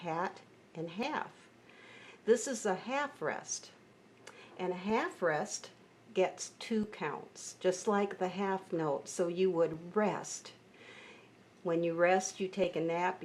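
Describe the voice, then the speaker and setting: A woman's voice: fairly low pitch, a little mellow, a little hiss or hum. A woman teaching a beginner piano lesson, patiently explaining note values and chanting counts aloud.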